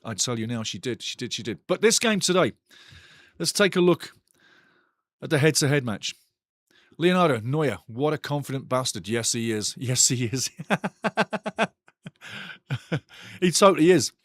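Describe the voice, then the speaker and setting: He's animated as he runs a live football watchalong, talking at normal speed in a medium-pitched voice, reading out chat comments and repeating his blunt opinions often. A desk microphone captures a dry recording.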